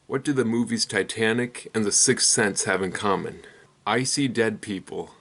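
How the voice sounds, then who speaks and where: Young man, fairly low voice, deadpan one-liner jokes, channel host. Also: moderate pace. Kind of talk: rapid-fire joke telling.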